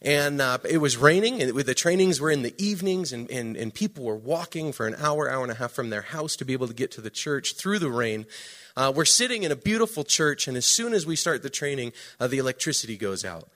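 A man preaching a sermon, telling a story with emphatic swings between loud and hushed delivery. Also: medium pitch, sing-song, brisk. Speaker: pastor.

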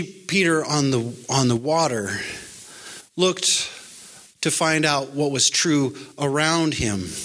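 A man with a bright, clear-edged voice preaches an encouraging sermon, reciting scripture with earnest conviction. His voice sits a little higher than most men's. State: pandemic-era address. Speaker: pastor.

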